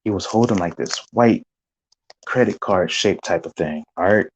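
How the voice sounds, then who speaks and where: A man animatedly recounting a spiritual vision as testimony, acting out gasps and shouts along the way. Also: low-pitched, normal speed, slight background noise, poor audio.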